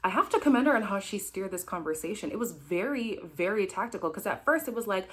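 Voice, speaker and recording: A woman's voice: mid-range voice, lively intonation, fast, hardly any pauses, a bit bright, slightly rough. A woman hosting a casual recap, talking frankly and chatting straight to her viewers. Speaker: recap host. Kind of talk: casual reaction commentary.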